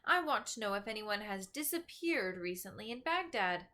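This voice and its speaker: A woman voicing a queen in a storybook, brisk and giving orders. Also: mid-range voice, sing-song, pushed and bright. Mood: commanding.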